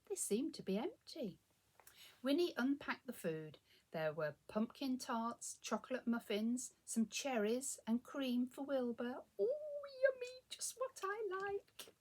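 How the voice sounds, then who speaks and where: A woman reading a children's picture book aloud, expressive and inviting listeners to join in. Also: fairly high pitch, a little slow, breathy edge. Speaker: storyteller.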